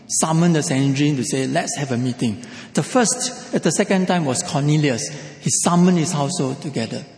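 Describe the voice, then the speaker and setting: A man's voice: mid-range voice, creaky, darkish tone. A man preaching a sermon, emphatic and repeating key phrases. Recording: echoey hall.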